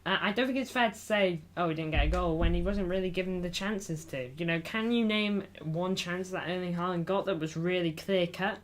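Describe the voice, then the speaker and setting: In a high-pitched voice, a little fast and with few pauses, a man streams live about football. He's chatty and full of jokes, reads his viewers' messages aloud, calls them lad, and sits in front of an indoor green screen.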